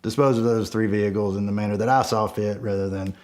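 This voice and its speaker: A middle-aged man casually telling a true story, acting out the shouts in it. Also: lowish voice, quick pace. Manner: animated, acts out his own yelled lines. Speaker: storyteller guest.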